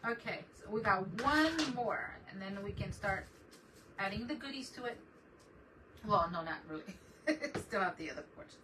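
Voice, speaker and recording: Middle-aged woman, casual live-stream host, rambling and talkative, mid pitch, distant mic. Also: lively intonation, moderate pace. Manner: rambling, chatty, greets viewers by name. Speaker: crafting channel host. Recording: distant mic with noticeable background noise.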